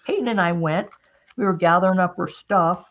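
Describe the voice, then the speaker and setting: A woman's voice: lowish voice, normal speed, muffled recording. A woman hosting a craft stream, chatting casually and telling a story, often quoting others and laughing. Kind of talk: casual chat.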